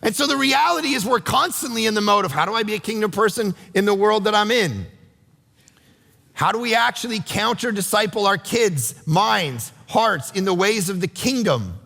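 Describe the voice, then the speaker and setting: A middle-aged man preaching a sermon as pastor, animated and acting out quotes in voices. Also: high-pitched, moderate pace, gravelly, big-room sound. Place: church sanctuary.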